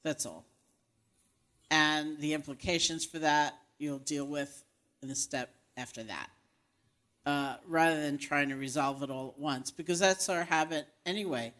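Man with a higher voice, calm and reflective, giving unhurried advice with fillers.

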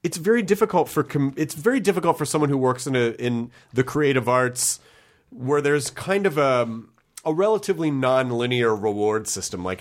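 A man in his forties who grew up in the American South, appearing as a comedian guest in a relaxed conversation. He talks reflectively and lays out his ideas in full, articulate sentences. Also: mid-range voice. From American South, grew up in Memphis. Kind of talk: casual chat.

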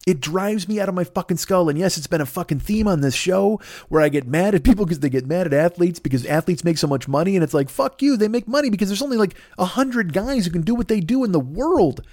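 A middle-aged man hosting a podcast, ranting angrily with constant swearing and acting out both sides of an argument in quick voices. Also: high-pitched, lively intonation, darkish tone, dry recording, studio quality. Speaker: podcast host. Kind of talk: profane ranting monologue.

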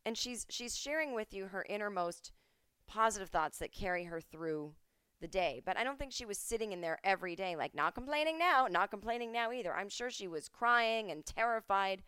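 An American woman hosting a podcast from home, ranting comedically with profane sarcasm, swinging between mumbled asides and loud outbursts. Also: mid-range voice, animated, moderate pace, clear, resonant tone, no echo, clean studio sound. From United States. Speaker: podcast host. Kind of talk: comedic rant.

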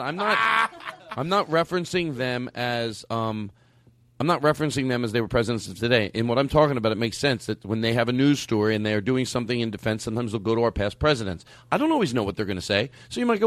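A middle-aged man hosting a comedy podcast, rambling excitably through an improvised bit. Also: mid-range voice, no echo. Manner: excitable, rambling, quick restarts.

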